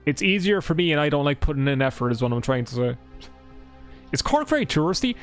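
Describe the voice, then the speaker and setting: An Irish man with a voice pitched a touch above the usual, talking loosely over his game. He swears constantly, rambles and pokes fun at himself. Faint music plays behind him. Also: very animated, fast talker. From Ireland. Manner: swears a lot, rambling, self-deprecating. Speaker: streamer. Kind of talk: casual live gameplay chat.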